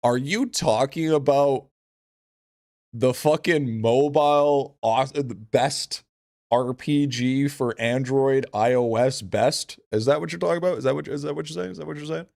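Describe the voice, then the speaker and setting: A man's voice: medium pitch, vocal fry, darkish tone, no room sound, clean studio sound. A man streaming a game live, chatting casually with viewers in a blunt, profane way and repeating his phrases.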